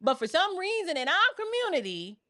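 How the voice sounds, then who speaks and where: A woman from the Bronx hosting a live online panel discussion over a video call, talking in a casual, animated and emphatic way. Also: very high voice, fairly quick, no echo, studio quality. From the Bronx, New York. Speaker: host.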